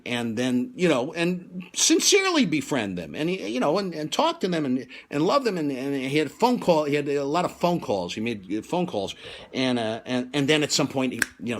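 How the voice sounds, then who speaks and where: Man, comedian host, comic storytelling, bright tone, animated, acts out voices. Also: a little high.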